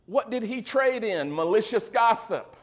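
High-voiced man preaching a sermon. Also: animated, measured pace. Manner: conversational preaching, asks the congregation for replies; joking asides. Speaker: pastor.

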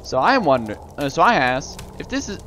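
A man's voice: fairly high pitch, sing-song, fairly quick, pushed and bright, a little hiss or hum. A young man ranting and rambling while commentating on his video game play. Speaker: let's play gamer. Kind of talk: casual gameplay commentary.

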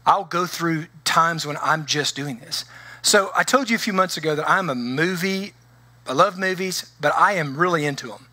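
A man pastor preaching a conversational, animated sermon in a church, with frequent restarts. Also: a little high, normal speed, no room sound. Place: church sanctuary.

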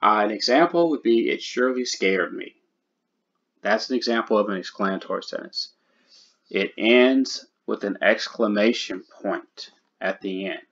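A man with a fairly low voice teaches a grammar lesson. He talks slowly and deliberately and goes back over each key point. The recording sounds dull and lo-fi. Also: fairly bright tone.

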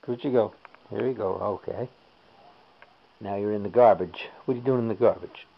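A man at home talking gently to his cat, asking it doting, teasing questions while filming on a handheld camera. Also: fairly low pitch, moderate pace, gravelly. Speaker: pet owner. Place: home indoors. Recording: dull lo-fi home video.

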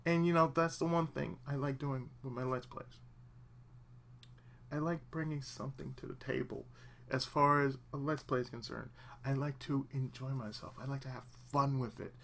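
A man's voice: mid-range voice, steady tone, moderate pace, gravelly, a bit bright, a little hiss or hum. A man hosting a let's play channel, giving earnest, emphatic advice in casual talk and often repeating himself for emphasis. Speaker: let's play host, aspiring voice actor.

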